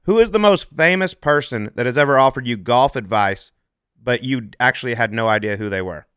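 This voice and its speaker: A man co-hosting a podcast ribs the guest with quick wisecracks. His voice is smooth and clear, and it sounds dry and close, with no room echo. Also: mid-range voice, fairly bright tone. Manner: wisecracking, ribbing. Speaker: podcast co-host. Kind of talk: casual podcast banter.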